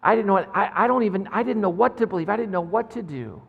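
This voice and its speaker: A man voicing an anxious, ashamed male disciple who talks haltingly and doubts himself, recorded with a long hall reverb. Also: high-pitched, lively intonation, creaky, muffled recording, exaggerated voice. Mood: distraught. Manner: halting, flustered, self-doubting.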